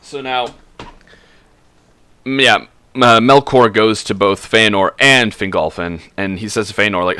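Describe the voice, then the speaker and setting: A man's voice: fairly low pitch, normal speed, bright, forceful tone, dry recording. A man casually retelling a fantasy book while drinking. He rambles, swears and corrects himself as he goes. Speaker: streamer.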